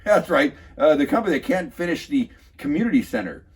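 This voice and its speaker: A man recapping a city council meeting in a mocking, wry way, pausing often with filler sounds. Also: fairly high pitch, sing-song, husky. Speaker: local political commentator.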